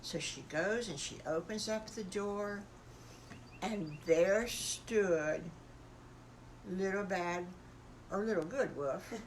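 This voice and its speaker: A woman's voice: mid-range voice, slow, long pauses, a little hiss or hum. Older woman telling bedtime stories. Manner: gentle, homey, folksy. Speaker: grandmother storyteller. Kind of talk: bedtime storytelling.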